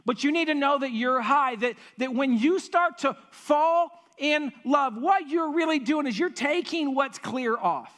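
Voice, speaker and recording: High-voiced man preaching a sermon. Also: unhurried, hardly any pauses. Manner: animated, joking asides, emphatic repetition. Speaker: pastor. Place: church stage.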